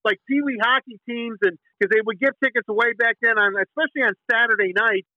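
Middle-aged michigan guy, high-pitched, tinny phone sound, keeps restarting sentences. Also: fast, dry recording. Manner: rambling, lots of fillers and restarts; bursts into singing the team song. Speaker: sports radio host. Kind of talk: casual interview storytelling.

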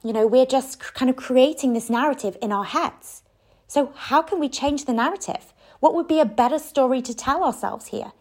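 A woman's voice: high voice, moderate pace, a little mellow. A woman podcast host and coach giving conversational advice, with frequent "you know" and "sort of" fillers.

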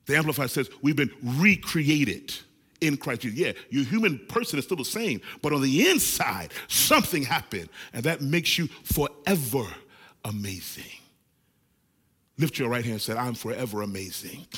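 A man in his forties preaching a lively sermon, calling on the congregation to shout responses. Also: mid-range voice, moderate pace, breathy edge, big-room sound. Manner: animated, calls for congregation responses. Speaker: pastor.

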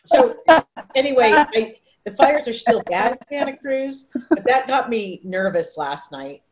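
A woman's voice: on the high side, animated, measured pace. A woman in her fifties hosting a video call, telling a personal story in a rambling, emotional way, full of restarts and asides. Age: 50s. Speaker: livestream host. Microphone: video call microphone.

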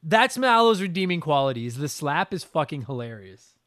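A man's voice: fairly high pitch, big pitch swings, fairly quick, a bit bright, dry recording, clean studio sound. A man co-hosting a casual gaming podcast, ranting in a profane, exaggerated way. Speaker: podcast co-host.

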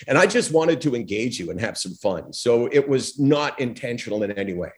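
A former talk show host telling lively stories as a podcast guest, acting out quotes and using lots of fillers. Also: male voice, medium pitch, fairly quick. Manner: animated storyteller, acts out quotes, frequent fillers. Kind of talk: storytelling in a podcast interview.

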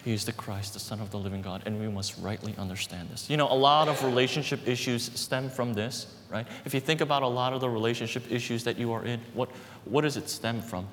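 A man preaching a sermon as pastor, emphatic, repeating phrases and slowing down on key words. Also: mid-range voice, steady tone, a bit bright. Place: church hall. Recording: reverberant hall with faint background noise.

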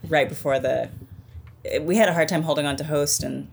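Appearing as a guest, this actress and ex-podcast host, born in the Cold War era, rambles casually with frequent laughter and self-deprecating humor. She talks briskly in a low voice with vocal fry, and there is background noise.

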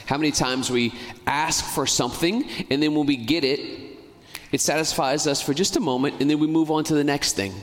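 Earnest priest preaching in a reverberant church. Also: male voice, fairly high pitch, steady tone. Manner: earnest, pleading, speeds up and slows down. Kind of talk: sermon.

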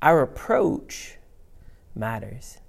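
Male pastor, mid-pitched voice, conversational, lively sermon delivery. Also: drawn-out words, vocal fry. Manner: conversational, animated preaching with scripture readings.

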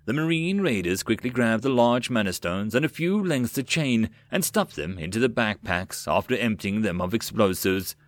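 A man narrating a web novel as an audiobook, steady storytelling. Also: medium pitch, dry recording, clean studio sound.

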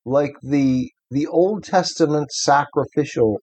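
A man's voice: fairly high pitch, takes it slowly, darkish tone, breathy edge. Thoughtful man musing aloud. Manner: thoughtful, hesitant, restarts sentences. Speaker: podcast co-host. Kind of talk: casual discussion.

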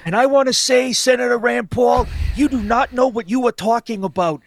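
A man's voice: extremely high pitch, moderate pace, dry recording. A co-host, a man, putting on a sarcastic, swaggering impression of a male official with a New York accent. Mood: mocking.

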